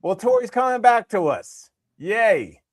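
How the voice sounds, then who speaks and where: A man's voice: high-pitched, sing-song, unhurried, no echo, studio quality. A man co-hosting a podcast, telling a long comedic anecdote in a casual, rambling way with lots of fillers. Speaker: podcast co-host.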